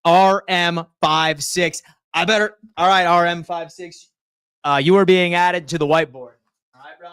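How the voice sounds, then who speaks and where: A young man hosting a live sports stream, reading viewers' chat aloud and ranting at them in a rowdy, teasing way, often swearing and swinging from loud outbursts to quiet asides. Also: high voice, steady tone, normal speed, clear, resonant tone, dry recording.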